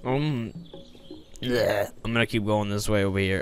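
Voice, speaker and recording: A man giving casual let's-play commentary, chatty and excitable, often breaking into surprised exclamations. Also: on the low side, normal speed, clear, resonant tone. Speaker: gameplay commentator.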